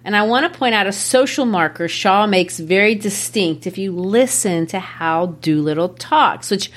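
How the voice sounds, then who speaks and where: A woman's voice: medium pitch, lively intonation, moderate pace. A woman co-hosting a casual discussion of a play, analytical and amused as she explains it. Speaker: podcast co-host discussing a play.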